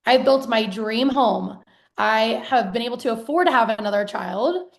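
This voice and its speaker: Excited, gravelly-voiced woman in her thirties. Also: fairly high pitch, moderate pace. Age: 30s. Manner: excited, chatty, swears casually, reads viewer comments aloud. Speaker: business coach. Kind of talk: live-streamed sales pitch to viewers.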